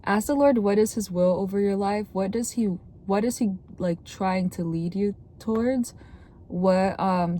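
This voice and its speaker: A woman's voice: lowish voice, mellow, slight background noise. A young woman with a sore throat giving chatty, earnest advice to the camera as a content creator, filling her talk with "like". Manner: chatty, earnest, with many "like" fillers. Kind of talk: casual talking-to-camera advice.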